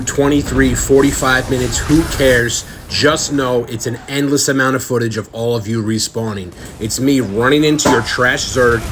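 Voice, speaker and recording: A man's voice: medium pitch, background noise. A young man boasting and trash-talking over gameplay as a gaming channel host, in a mock-arrogant way. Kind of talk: gameplay commentary.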